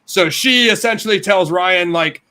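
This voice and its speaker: A man's voice: high-pitched, normal speed, bright, forceful tone. A man hosting a casual review chat, talking animatedly with fillers and laughs. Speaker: show host reviewing a TV series.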